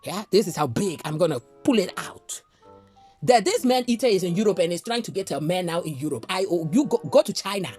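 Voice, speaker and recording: A woman's voice: fairly low pitch, animated, a little fast, darkish tone, faint music behind. A woman vlogger giving ranting gossip commentary, outspoken and indignant, with frequent exclamations. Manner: outspoken, indignant, exclaims "Lord have mercy".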